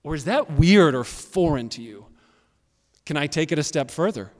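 A pastor preaching to his congregation, his slightly high voice dropping to quiet asides and then rising into loud, emphatic bursts. The sound carries a long reverb from a church hall. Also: lively intonation, moderate pace. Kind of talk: sermon.

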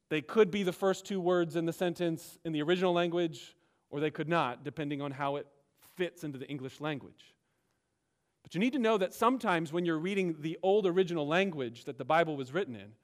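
Pastor, man, slightly high voice, emphatic teaching sermon. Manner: emphatic, explanatory preaching with rising and dropping delivery. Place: church sanctuary.

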